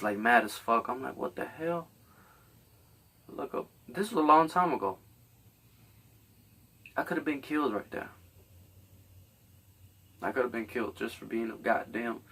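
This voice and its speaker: A man's voice: medium pitch, fairly bright tone, slightly rough, far from the mic. A man hosting a podcast, delivering a rambling, blunt, profane comedic monologue. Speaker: podcast host.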